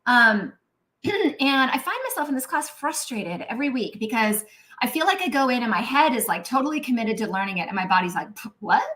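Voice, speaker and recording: Animated, bright-voiced woman doctor on a live stream. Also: high-pitched, a little fast. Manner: chatty and animated, acts out inner voices; frequent "um" and "right?" tags. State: clearing her throat, mucus from coffee. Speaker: naturopathic doctor hosting a live Q&A.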